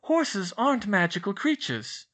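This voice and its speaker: A man's voice: high voice, sing-song, fairly bright tone, voice pushed up, full character voice. Man voicing a prim, fussy schoolgirl. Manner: brisk, primly precise. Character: bright, fussy schoolgirl, young teen.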